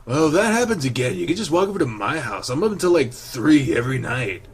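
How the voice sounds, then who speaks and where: A man's voice: medium pitch, big pitch swings, fast talker, husky, faint music behind, pitched above the performer's own voice. A man voicing a lazy, crude, joking young male goat character.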